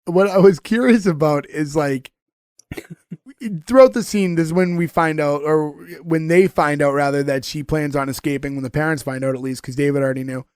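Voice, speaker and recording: A man's voice: fairly high pitch, normal speed, darkish tone, smooth, no echo, studio quality. A man co-hosting a casual podcast, retelling scenes in a rambling way full of "like"s. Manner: rambling, filler-heavy retelling with many "like"s. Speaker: podcast co-host. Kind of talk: casual chat recapping a TV episode.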